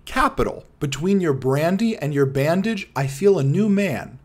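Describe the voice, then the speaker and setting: Guy doing a shaken young engineer, kinda hysterical, voice jumps up high, fairly high-pitched, audiobook. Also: lively intonation, normal speed. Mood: excited. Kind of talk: audiobook character reading.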